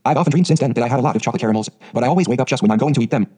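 A man's voice: medium pitch, racing, dark tone, breathy edge, close to an everyday voice. A man reading a gushing, dreamy orphan girl. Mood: despairing. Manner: dreamy, gushing, dramatic phrasing. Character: eager talkative orphan girl of eleven.

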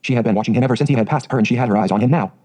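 A man narrates a storybook in a steady, scripted reading. He moves very fast, in a dark, mellow tone. The voice has a husky grain. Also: mid-range voice, low-quality recording. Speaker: audiobook narrator.

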